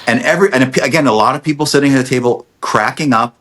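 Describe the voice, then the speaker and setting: Talking fast in a medium-pitched voice, a middle-aged dentist appearing on a podcast recounts a family story informally. He animatedly performs the quoted lines and frequently starts his sentences over.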